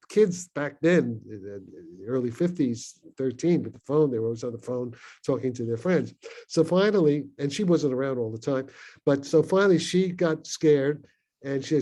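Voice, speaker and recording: A man's voice: a little high, warm tone. A man in his eighties, originally from Brooklyn, telling a long story as a panel guest, rambling and digressive with many fillers, restarts and chuckles, heard over a video call.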